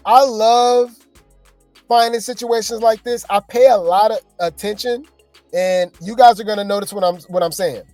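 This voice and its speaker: A man doing reality TV gossip commentary, animated and exasperated, talking straight to his viewers. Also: sits high, moderate pace, no echo, faint music behind.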